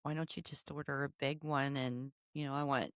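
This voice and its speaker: A woman's voice: extremely low pitch, little pitch movement, brisk, no echo, clean studio sound. A middle-aged woman co-hosting a podcast, chatting in a wry, laid-back way and laughing along. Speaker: podcast co-host. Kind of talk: casual recap chat.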